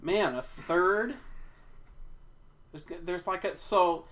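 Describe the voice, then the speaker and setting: A man's voice: high-pitched, lively intonation, takes it slowly, a bit bright. A man co-hosting a video game stream, chatting casually and making dry jokes. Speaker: co-host playing a video game. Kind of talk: casual let's-play chat. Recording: live stream with game music behind.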